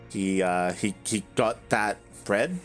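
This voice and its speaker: A man with a lowish voice calls a live video game match as a relaxed, chatty caster. He leans on fillers like "like" and "um" and laughs easily, with faint music underneath. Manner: casual, chatty, filler-heavy with frequent laughs. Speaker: esports caster.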